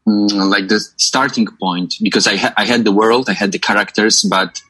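A man's voice: lowish voice, steady tone, moderate pace, bright, forceful tone, breathy edge, low-quality recording. A young Polish man, a film director, answering in English with a Polish accent, hesitant and full of uhs and repeated words.

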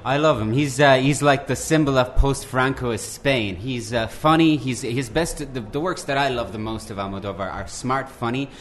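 A man's voice: medium pitch, normal speed, hardly any pauses. Upbeat male film festival co-host. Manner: upbeat, teasing, leads the segments. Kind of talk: casual improvised chat about films. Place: hot indoor room at a film festival.

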